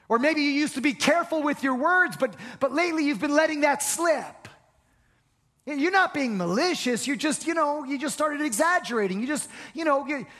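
Pastor delivering an earnest sermon, high voice, frequent restarts, long hall reverb. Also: male voice, a bit bright. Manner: earnest preaching with repeated stammered restarts.

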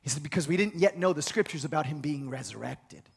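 A man preaching a sermon, retelling a scripture story with lively acted-out quotes and frequent restarts. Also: a little high, quick pace, creaky, slightly rough. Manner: animated storytelling, acts out quoted voices, many restarts.

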